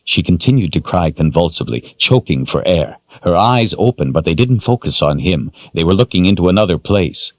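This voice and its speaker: A man narrating a fantasy audiobook in a steady, measured way. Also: sits low, no echo. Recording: dry, dull lo-fi studio sound.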